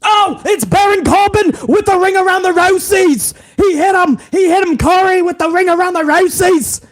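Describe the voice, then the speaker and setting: A man's voice: very high-pitched, normal speed, pitched above the performer's own voice. A man doing an overexcited wrestling commentator. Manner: shouty, repeating himself.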